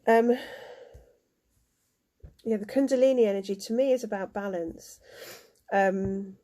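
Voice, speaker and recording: A woman giving a spiritual card reading, emotional and halting, with many fillers. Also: mid-range voice, dark tone. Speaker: tarot card reader.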